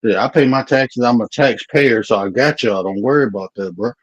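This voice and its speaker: A man's voice: medium pitch, brisk, no echo, muffled recording. A man hosting a casual livestream chat, talking bluntly and profanely with a lot of "bro" and a Black style. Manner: blunt, profane trash talk, repeatedly says bro. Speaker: livestream host.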